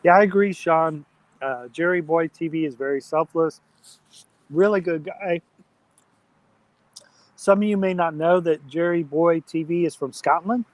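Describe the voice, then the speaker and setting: A man with a drawl talks easily through a live stream by the fire, greeting viewers and reading their comments aloud. His voice sits slightly high for a man. The sound is dry and close. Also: no room sound. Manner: chatty, reads chat aloud, friendly shout-outs. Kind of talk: casual live-stream chat. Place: outdoors at a campfire.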